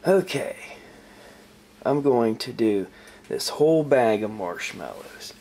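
A man's voice: fairly low pitch, animated, a little slow, mellow. A man hosting his own microwave experiment show from a home kitchen, talking casually in a playful, self-mocking way.

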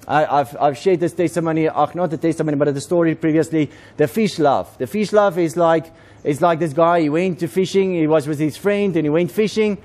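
A man's voice: on the high side, a little mellow. A man, preaching a conversational sermon to a congregation and repeating words as he goes.

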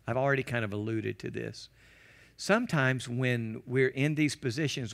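Guest pastor, male, animated sermon delivery in a church, pitched a little high. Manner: animated preaching, acting out quoted prayers and shouts.

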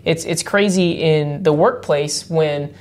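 Brief: young adult male worship leader, radio co-host, earnest and reflective, pauses to find words. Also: on the high side. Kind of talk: casual devotional radio chat.

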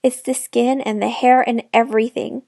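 A woman's voice: a little high, little pitch movement, normal speed, a little mellow, dry recording, studio quality. A woman doing a proud, anxious mother. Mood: pleading.

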